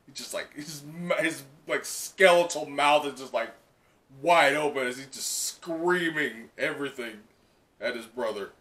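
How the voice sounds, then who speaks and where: Brief: male reaction host, rambling and excitable, with a bright, tense voice. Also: mid-range voice, normal speed. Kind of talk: live comic reaction.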